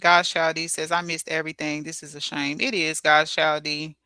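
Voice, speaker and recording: Brief: woman streamer reacting to chat, crude and loud-laughing, with a smooth, crisp tone. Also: deep voice, little pitch movement, moderate pace, no room sound. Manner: blunt, profane, laughs loudly at her own jokes. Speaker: livestream host reading chat comments. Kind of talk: casual livestream chat.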